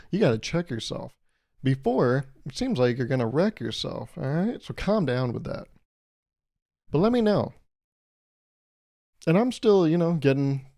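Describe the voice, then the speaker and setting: A man's voice: medium pitch, mellow. A man in his twenties hosting a solo podcast, rambling and joking as he swears casually into his mic. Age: 20s. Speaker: podcast host. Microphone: podcast microphone.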